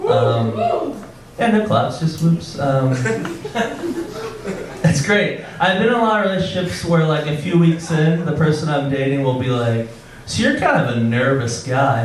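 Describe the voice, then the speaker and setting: A man doing a stand-up set, awkward and self-deprecating, halting with frequent ums. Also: mid-range voice, background noise. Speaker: stand-up comedian. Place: comedy club stage. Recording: roomy club sound from a distance with audience. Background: audience laughter.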